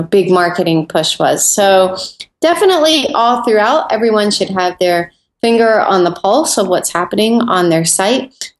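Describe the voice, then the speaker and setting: A woman who is an analytics expert guest on a podcast, explaining at length, thinking aloud with fillers. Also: on the low side. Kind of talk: podcast interview answers. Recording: roomy echo.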